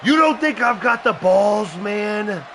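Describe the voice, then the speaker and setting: A man's voice: high voice, expressive, slow pace, fairly bright tone, a little hiss or hum, pitched above the performer's own voice, full character voice. A man voicing a boastful male wrestler, doing an impression of a brash president who brags and taunts in a video game show. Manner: bragging, blustering, taunting.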